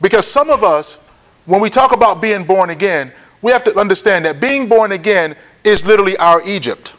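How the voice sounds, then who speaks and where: Man, high voice, Bible teaching, repeats points slowly, checks listeners. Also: animated, a bit bright. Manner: repeats key points slowly for note-taking. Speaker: preacher.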